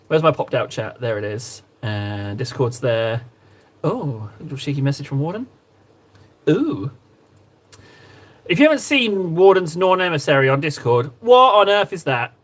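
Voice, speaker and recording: A man's voice: on the high side, fairly bright tone. Playful man chatting while painting. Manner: playful, rambling, talks to chat while painting. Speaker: streamer painting miniatures. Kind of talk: casual live-stream chat.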